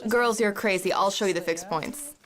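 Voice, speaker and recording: A woman's voice: medium pitch, normal speed, fairly bright tone. A young woman cadet speaking in a dubbed documentary voice-over, chatty and matter-of-fact. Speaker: military cadet. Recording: crowd noise behind.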